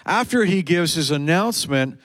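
A man preaching a sermon in a church service, emphatic, repeating key words and slowing down for quoted scripture. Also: fairly high pitch, expressive, fairly bright tone, no room sound. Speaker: pastor.

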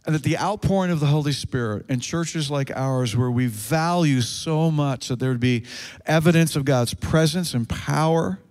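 A male pastor delivers a sermon with a fairly high voice for a man. He preaches earnestly and stresses key points with climbing pitch. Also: moderate pace, darkish tone.

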